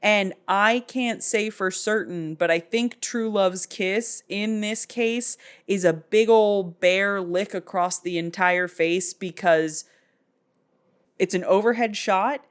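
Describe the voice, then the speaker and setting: A woman's voice: mid-range voice, slow pace, clean tone. A woman casually recapping a movie in a chatty, wry, comic way.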